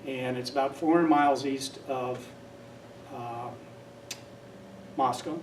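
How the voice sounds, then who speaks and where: Taking his time, an older man with a steady, medium-pitched voice delivers an informal lecture as a guest speaker. He tells meandering stories and acts out what others said. He's recorded from afar in an echoey hall, with slight background noise.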